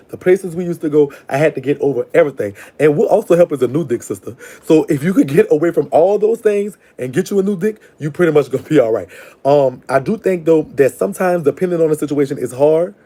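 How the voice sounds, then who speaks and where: A man's voice: fairly high pitch, lively intonation, fast. A man hosting a live call-in show, giving blunt, slangy advice. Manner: blunt, slangy, talks back to callers warmly. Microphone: live stream call-in setup.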